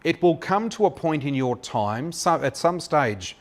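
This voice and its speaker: An Australian man in his fifties, a psychic flower reader telling his story in a chatty, anecdotal way with many filler pauses. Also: fairly high pitch, very animated. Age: 50s. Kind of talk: personal storytelling monologue.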